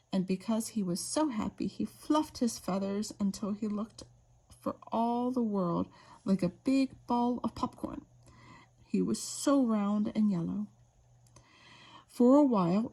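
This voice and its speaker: A woman reading an old bedtime story aloud in a gentle, unhurried way. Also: a little high, husky.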